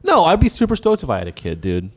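Sleep-deprived man rambling with an expressive voice. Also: on the high side, quick pace, no room sound. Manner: rambling, giggly, jumps into silly bits. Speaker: podcast co-host. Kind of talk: casual chat.

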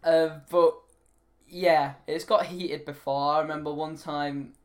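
A man's voice: a little high, steady tone, a little slow. A man co-hosting a casual chat, giggling often and rambling, trailing off mid-sentence and restarting his thoughts.

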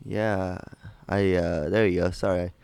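A man's voice: low-pitched, level tone, measured pace, creaky, darkish tone, clear, resonant tone. A man co-hosting a casual movie podcast, loose and joking, often stumbling over his words. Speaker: podcast co-host.

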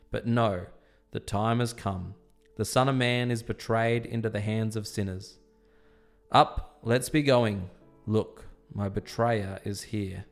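A man giving a dramatized scripture reading, slowing and softening for quoted speech. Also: lowish voice. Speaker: scripture reader. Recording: soft instrumental music underneath. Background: faint instrumental music.

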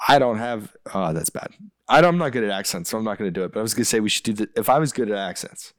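A man's voice: lowish voice, expressive, very fast, dry recording, clean studio sound. Joking, rambling young American man. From United States. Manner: joking, rambling, laughs often. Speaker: podcast co-host. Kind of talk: casual chat.

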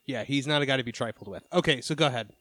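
A man's voice: medium pitch, racing, a bit bright, no room sound. A joking man hosting, dry sound. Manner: joking, prompting questions. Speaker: podcast host. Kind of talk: interview chat.

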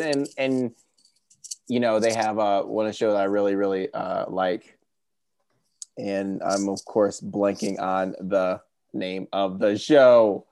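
A man's voice: fairly low pitch, darkish tone. A man co-hosting a podcast in casual, enthusiastic chat, rambling and restarting his sentences. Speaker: podcast co-host.

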